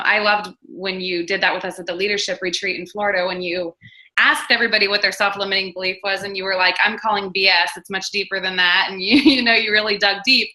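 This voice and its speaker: A woman's voice: mid-range voice, pushed and bright, reverberant, rough recording. A woman hosting a casual interview over a video call, chatty and prompting her guest to talk. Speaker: host.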